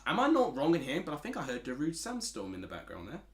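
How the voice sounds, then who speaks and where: A man's voice: fairly high pitch, huge pitch swings, fast talker, echoey room. A man from Essex with an Essex accent, chatting casually as a streamer while watching football and reading out chat messages. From Essex, England.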